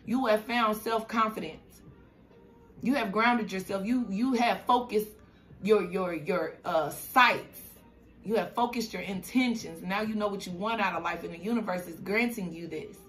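A woman's voice: mid-range voice, moderate pace, soft background music. A woman giving a spiritual tarot reading to her viewers, emotional and affirming, repeating herself as she gets choked up. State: choked up, near tears. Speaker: tarot reader.

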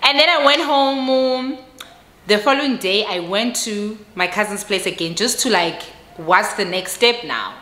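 Bright-voiced South African woman telling a story. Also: mid-range voice, measured pace, reverberant. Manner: expressive, switches between English and Xhosa, laughs at herself. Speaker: vlogger telling a personal story. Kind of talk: casual storytime.

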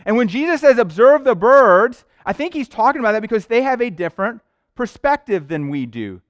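A man's voice: extremely high pitch, sing-song, brisk, no room sound. A male pastor preaching a sermon in an earnest, conversational way, often checking in with the congregation. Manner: conversational, earnest preaching with frequent "right?" asides. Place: church sanctuary.

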